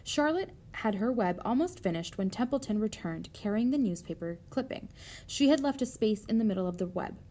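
A woman reading a children's novel aloud in a steady, gentle way. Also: medium pitch, fairly quick. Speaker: narrator.

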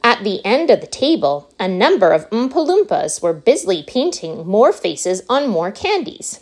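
A woman with a medium-pitched voice narrates a children's book aloud, taking her time and telling the story expressively.

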